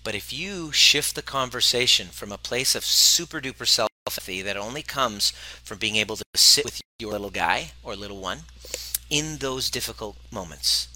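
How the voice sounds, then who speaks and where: Male podcast host and coach, earnest storyteller, lowish voice with a very bright, forceful edge. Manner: earnest, acts out client dialogue. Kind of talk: personal storytelling monologue.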